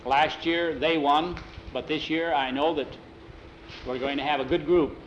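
A man's voice: on the high side, fairly even intonation, unhurried, echoey room, a little hiss or hum, close to an everyday voice. A man doing a formal, strict schoolmaster. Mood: instructive. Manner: instructive, formal. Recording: dull lo-fi recording.

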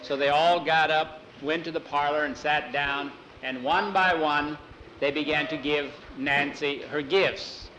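A man spinning a folksy tale aloud in a bright, slightly high voice. He pauses and fills gaps as he goes, with faint background hiss. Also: steady tone, poor audio. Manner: homespun, halting with fillers. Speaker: storyteller. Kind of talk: folksy oral storytelling.

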